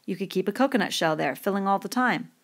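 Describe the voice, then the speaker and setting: A woman reading an eager, bossy schoolboy, raising her voice higher and quicker to show his excitement. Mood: excited. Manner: excited, quick, lifted pitch.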